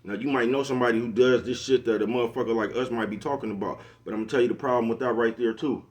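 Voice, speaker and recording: A man's voice: mid-range voice, steady tone, racing. A middle-aged man, giving a preachy casual monologue to camera and constantly asking if you know what he's talking about. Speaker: social media commentator.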